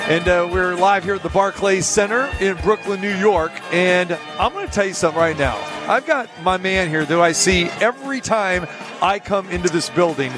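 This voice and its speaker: A man hosting a live radio show from an arena, telling a story in a casual, animated way and acting out the people in it. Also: sits high, normal speed. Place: arena during a live broadcast. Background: music and an arena crowd.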